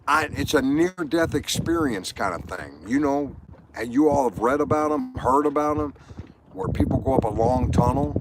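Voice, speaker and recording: A man's voice: mid-range voice, heavy background noise. A man in his sixties from Florida hosting a livestream, chatting in a rambling, folksy, confessional way. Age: 60s. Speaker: livestream host. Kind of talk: casual livestream chat with viewers. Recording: livestream with loud background music. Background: loud music.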